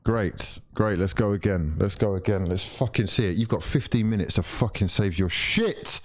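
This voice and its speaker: A young man ranting and swearing as he streams a live football watchalong, exasperated at his team. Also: moderate pace. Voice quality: lively swings of pitch and loudness.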